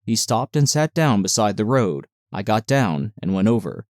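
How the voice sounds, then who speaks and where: A man narrating a novel as an audiobook with steady, measured storytelling. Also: on the low side, no room sound, studio quality. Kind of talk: novel reading.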